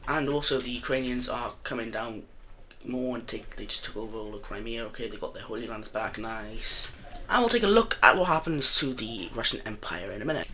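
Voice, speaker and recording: Young guy chattering over a map game, bright voice, goofy and rambly, keeps correcting himself. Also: medium pitch, fairly quick, hardly any pauses, slight background noise. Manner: rambling, chatty, jokey, often corrects himself mid-sentence. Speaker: map video narrator. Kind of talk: casual commentary over an alternate-history map game.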